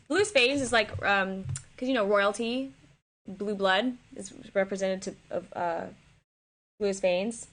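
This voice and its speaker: A woman's voice: mid-range voice, unhurried, a bit bright. A woman streamer chatting casually as she rehearses a play, paraphrasing loosely with lots of "like" and "basically".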